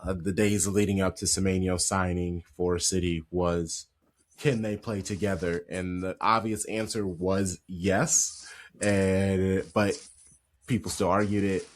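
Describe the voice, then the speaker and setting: Deep guy hosting a football podcast, chatty, laughs a lot. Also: level tone, a little slow. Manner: chatty, laughs easily, lots of fillers. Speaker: podcast host. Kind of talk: casual football chat.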